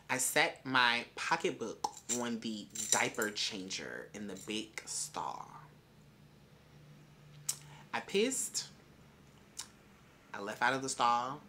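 A woman's voice: a bass voice, bright, forceful tone, a little hiss or hum. A young woman telling a wild story in a vlog, brash and full of swearing. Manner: brash, profane, chatty storytelling. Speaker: vlogger.

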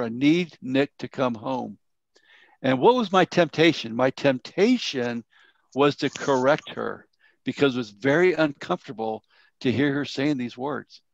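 A middle-aged man, teaching a grief workshop as a church elder. He tells his story earnestly, with a gravelly edge, and often sinks into a soft, low tone. The sound is dry and a little muffled. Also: dry recording. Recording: slightly dull, dry sound.

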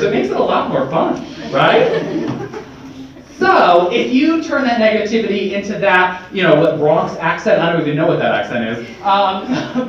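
A man in his twenties giving an energetic, conversational motivational speech to students as a state representative, often checking in with "right?". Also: high-pitched, distant mic, a little hiss or hum. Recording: echoey hall, mic from afar, dull.

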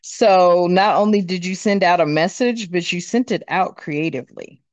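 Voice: mid-range voice, moderate pace, no room sound. A tarot reader giving a casual card reading, talking bluntly with plenty of swearing and rambling fillers.

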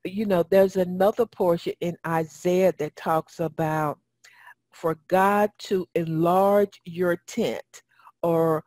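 A woman's voice: lowish voice, steady tone, takes it slowly, a little mellow, dry recording. A woman radio host giving a spoken teaching on prayer, talking straight to her listeners and repeating phrases for emphasis. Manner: addresses listeners directly. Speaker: radio talk show host.

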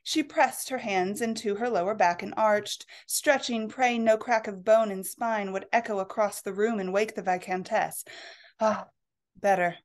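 A woman author reading her own historical romance aloud in a lively, expressive storytelling voice. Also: medium pitch, unhurried. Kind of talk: storybook narration.

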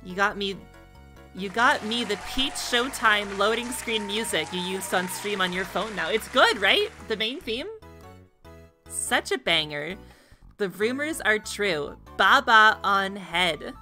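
A woman's voice: mid-range voice, expressive, measured pace, over music. A woman streaming a video game, chatting with viewers in a playful, giggly way. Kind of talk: casual gaming stream chat.

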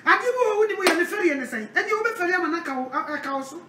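A woman preaching a sermon, animated, with a repeated call-out refrain. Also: extremely high pitch, racing, far from the mic, noisy background. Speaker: evangelist. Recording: echoey, from off the mic.

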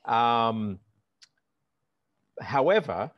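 Middle-aged male language teacher, animated and instructive, dry and close, heard over a dull lo-fi call. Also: mid-range voice, unhurried, no echo. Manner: animated and instructive, demonstrates words aloud. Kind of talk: explanatory conversation.

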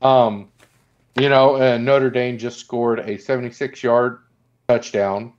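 A man's voice: mid-range voice, level tone. Podcast co-host, male, casual retelling of film scenes, dull recording. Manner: retells scenes acting out lines in quick voices. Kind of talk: casual movie recap chat. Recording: dull lo-fi sound.

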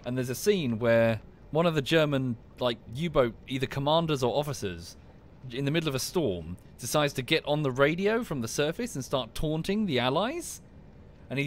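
A man's voice: mid-range voice, expressive, normal speed. A man from the UK chatting casually while streaming a game, with dry muttered asides. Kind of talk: casual gameplay commentary.

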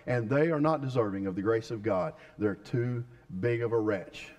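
A man's voice: medium pitch, normal speed, hardly any pauses, darkish tone. A male pastor preaching a sermon, emphatic and putting questions to the congregation.

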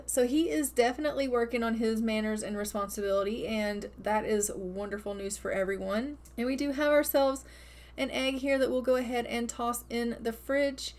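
A woman's voice: fairly high pitch, a little mellow. A chatty woman talks through her life-sim gameplay at a desk microphone. She is upbeat and affectionate toward her game characters, lingering on and repeating words for emphasis. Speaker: gaming video host. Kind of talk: narrated gameplay commentary.

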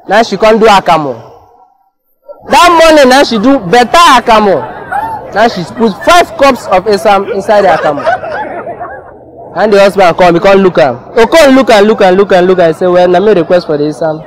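A man telling a comic story in an animated, playful way, with a Nigerian Pidgin English accent. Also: high voice, brisk, rough recording.

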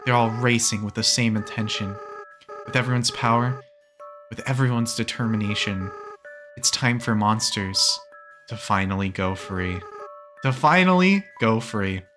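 A man voicing a gentle, remorseful young goat-monster boy, reading game dialogue aloud in a soft, tearful way. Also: fairly low pitch, measured pace, faint music behind. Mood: sad.

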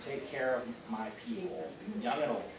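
A man with a gravelly, mid-range voice and lively intonation speaks at a moderate pace in a Midwestern American accent. As a pastor leading a Bible study in a church classroom, he keeps it conversational, full of fillers and questions to the group. The sound is roomy, from a distant mic, with faint hiss.

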